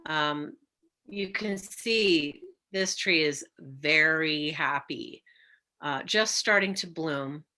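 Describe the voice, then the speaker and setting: Middle-aged woman, low pitch, bright tone, casual slide talk, animated storyteller who acts out quotes. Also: slow. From California. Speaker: herbalist giving a talk.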